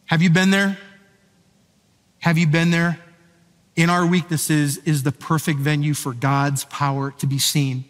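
Male pastor, conversational sermon delivery, slightly high voice. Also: flat delivery, measured pace, long pauses. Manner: conversational storytelling, asks the audience questions. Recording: echoey hall.

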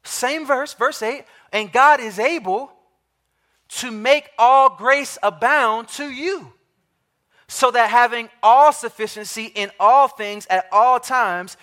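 A man with a high voice preaches to his congregation. He leans hard on repeated phrases, slows down to stress key words, and puts direct questions to the listeners. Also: sharp tone. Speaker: pastor. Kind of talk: sermon.

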